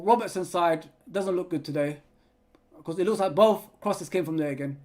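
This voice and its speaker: Young male fan host, casual watch-along chat with excited play-by-play bursts, higher-pitched voice. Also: brisk. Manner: chatty, reads viewer comments, bursts of excited play-by-play. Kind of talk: live football watch-along commentary.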